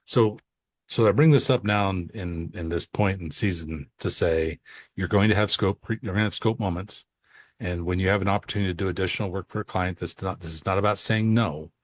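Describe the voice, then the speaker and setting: He has a deep voice and talks fairly quickly, captured in a dry recording. Co-hosting a casual accounting podcast, this accounting coach tells stories with gusto, voicing both sides of client phone calls.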